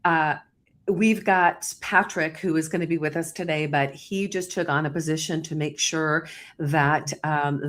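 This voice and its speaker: A woman hosts a livestream on a video call, telling the story at a quick and lively pace. She acts out what people said in quoted exchanges. Her voice sits a little low for a woman. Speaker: livestream host. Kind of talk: political livestream talk.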